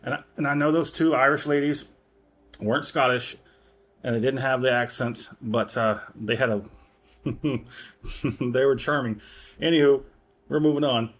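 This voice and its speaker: A man's voice: medium pitch, fairly even intonation, moderate pace, pauses often. A man reviewing a whisky in a casual, rambling way, often correcting himself and chuckling. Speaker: spirits reviewer.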